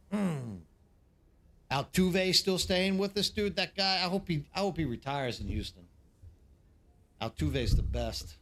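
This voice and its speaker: A man's voice: mid-range voice, fairly bright tone. Chatty man streaming to his chat. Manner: rambling, talks straight to the chat. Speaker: game streamer. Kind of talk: casual live-stream chat.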